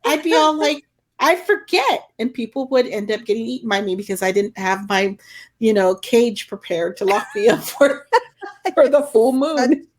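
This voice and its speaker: A woman's voice: medium pitch, normal speed, a little mellow. A woman co-hosting a podcast in casual chat, rambling and self-deprecating and laughing often. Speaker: podcast co-host and editor.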